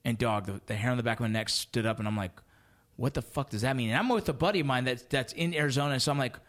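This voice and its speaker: A man in his thirties telling stories in casual podcast chat, animated and profane with lots of slang. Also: mid-range voice, fast.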